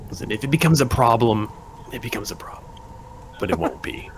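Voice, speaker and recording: A man's voice: medium pitch, lively intonation, a little fast, noisy background. A man joking around with friends during a tabletop game, laughing often. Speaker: tabletop player. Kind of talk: casual game chat.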